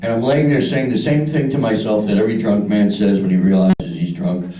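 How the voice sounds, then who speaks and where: Older man from Philadelphia, stand-up comic, mellow low voice, roomy live venue, distant mic. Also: steady tone, fairly quick. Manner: crude storytelling with voices for characters. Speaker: stand-up comedian. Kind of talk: stand-up routine. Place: club stage.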